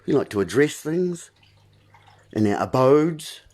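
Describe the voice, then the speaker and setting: A man's voice: on the high side, lively intonation, measured pace, a little mellow. A man hosting a livestream, giving a rambling, preachy wordplay monologue with asides to his viewers. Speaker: livestream host.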